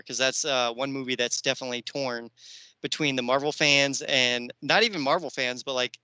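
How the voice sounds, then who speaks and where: A man with a mid-range voice and a sharp, clean tone hosts a casual podcast about movies, full of enthusiasm and fillers. The recording is dry, and the audio is poor.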